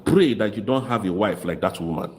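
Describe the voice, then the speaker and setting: A man's voice: fairly low pitch, expressive, a little fast, a little mellow, a little hiss or hum. A man with a Nigerian Igbo accent giving fiery, mocking political commentary. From southeast Nigeria. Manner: mocking, impassioned, switches into Igbo.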